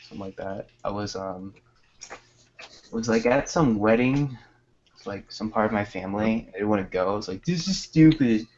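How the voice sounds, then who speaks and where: A man's voice: fairly low pitch, moderate pace, a little mellow, slight background noise. A young man telling a story in casual chat, rambling with lots of fillers and laughs. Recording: dull lo-fi voice chat.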